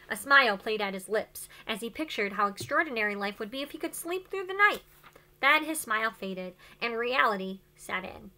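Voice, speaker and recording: Rich: A woman teacher reading a novel aloud to her class. Her voice is high, very bright, and swings widely in pitch, and her delivery is expressive and dramatic. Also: normal speed.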